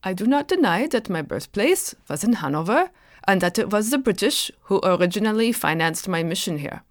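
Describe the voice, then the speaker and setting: A man's voice: high-pitched, very animated, a little fast, no echo, studio quality. A woman playing an elderly, dignified German clergyman with a German accent, speaking formally.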